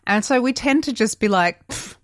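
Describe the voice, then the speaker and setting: A woman's voice: fairly high pitch, expressive, normal speed, no echo, clean studio sound. A woman co-hosting a podcast, bantering playfully in casual conversation. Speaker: podcast co-host. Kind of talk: casual chat.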